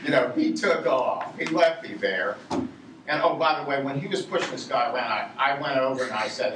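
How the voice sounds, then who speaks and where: In a noisy, echoey room captured from a distant mic, a man from Virginia, USA, tells a live audience a meandering story full of digressions. His medium-pitched voice is animated at a normal speed, and he chuckles at his own tale.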